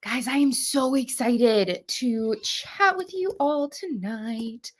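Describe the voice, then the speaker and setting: A woman's voice: fairly high pitch, slow. A woman in her thirties hosting a book club livestream, bubbly and chatty, greeting viewers by name. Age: 30s. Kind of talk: casual livestream chat.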